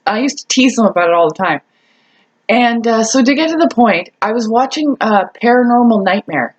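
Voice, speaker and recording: A woman vlogger tells a casual story straight to her viewers. Her voice sits a little high, and she chats along, laughing often and restarting her sentences. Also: animated, a little fast, lo-fi sound.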